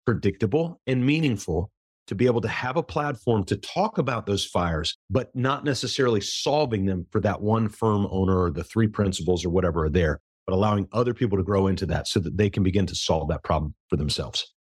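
A man's voice: on the low side, a little fast, slightly rough, no echo, studio quality. A man guesting on a podcast, earnestly explaining his coaching process and acting out bits of dialogue as he goes. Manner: earnest, emphatic, acts out quoted dialogue. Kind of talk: conversational interview answer.

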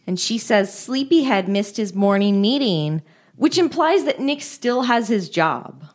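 A woman's voice: mid-range voice, expressive, unhurried. A woman co-hosting a casual chat, retelling film scenes with many fillers. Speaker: podcast co-host.

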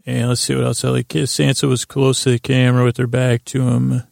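A man with a deeply gravelly voice rambles through an episode recap. He speaks in a flat, even tone and often stops to restart his sentences. The recording is dry and close. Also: no echo. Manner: halting, with many fillers and restarts. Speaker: podcast host.

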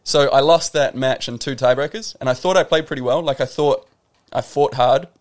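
A New Zealand man in his thirties, a professional tennis player appearing as a podcast guest, speaks in a mid-range voice at a normal speed. He tells his stories casually and reflectively, often saying "like" and restarting his sentences.

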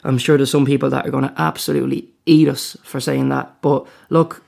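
A man's voice: medium pitch, level tone, fairly quick, vocal fry, a little mellow. A man with an Irish accent, hosting a casual podcast and joking as he reads out listener poll results. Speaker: podcast host.

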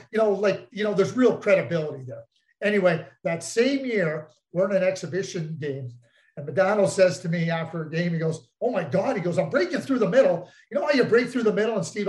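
A man co-hosting a podcast, telling stories in a teasing, animated way. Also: sits high, roomy sound, low-quality recording. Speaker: podcast co-host, former hockey executive. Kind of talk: casual storytelling chat.

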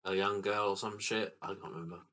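Brief: male co-host, very deep voice with a bright edge, easygoing, hesitant. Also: steady tone, brisk. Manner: laid-back, unsure, short replies. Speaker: podcast co-host. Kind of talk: casual film-review chat.

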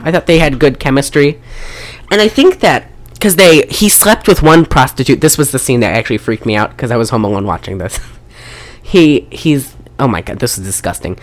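A woman's voice: rumbling low, lively intonation, brisk. A young woman hosting a casual chat, retelling a film's scenes in a rambling, profane way. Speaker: podcast host reviewing a film.

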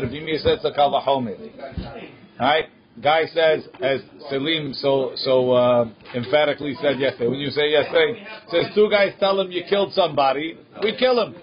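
Slightly high-voiced man teaching a Talmud class. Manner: acts out the case as dialogue, checks in with "right?"; quizzes students by name. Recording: dull lo-fi class recording.

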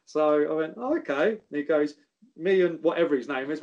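A man's voice: on the high side, brisk, a little mellow, dull audio. A man, a former footballer telling stories in casual chat, swearing freely and calling people mate. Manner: laddish, swears freely, says mate and geezer.

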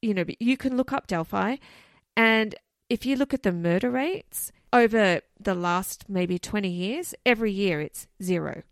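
In a medium-pitched voice at normal speed with few pauses, a woman tells a case on a podcast she co-hosts. The chat is casual and loose, full of "you know" and "like." The studio recording is clean, without echo.

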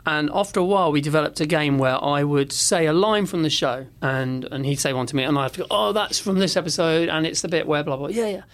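A man's voice: fairly high pitch, brisk, few pauses. A man in casual conversation, telling an anecdote and acting out the voices in it. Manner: animated storyteller, acts out quotes. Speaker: podcast co-host.

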